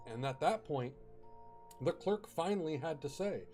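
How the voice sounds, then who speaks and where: A man's voice: fairly high pitch, animated, unhurried, a little mellow, faint music behind. A man casually telling a ghost story, chatty, with fillers and bursts of dramatic emphasis.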